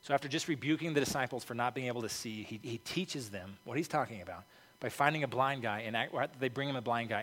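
A pastor with a medium-pitched, slightly bright voice gives an informal, conversational sermon, saying "okay" and "like" often. Reverb from the hall surrounds him.

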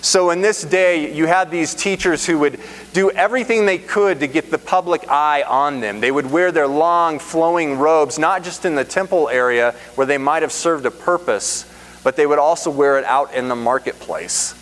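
A man's voice: fairly high pitch, moderate pace, fairly bright tone. A man preaching a sermon in an earnest, emphatic way, repeating phrases for stress. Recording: reverberant hall, faint hum.

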